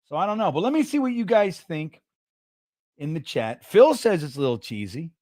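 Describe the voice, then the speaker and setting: Man, middle-aged, high lively voice, rambling and profane, dry close mic. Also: moderate pace, no echo. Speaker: podcast host reading live chat. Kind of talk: casual livestream chat.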